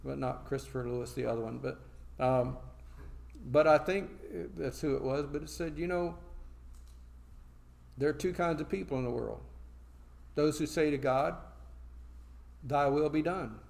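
Gravelly-voiced male preacher. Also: mid-range voice, darkish tone. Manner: reads scripture slowly, then explains in plain talk; asks and answers his own questions. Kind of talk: sermon.

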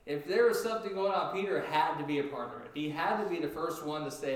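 A man preaching a sermon in a lively, animated way, jumping up in pitch as he acts out what people said. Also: fast talker, hardly any pauses. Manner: animated, acts out quotes with sudden high pitch jumps. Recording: echoey room, distant from mic.

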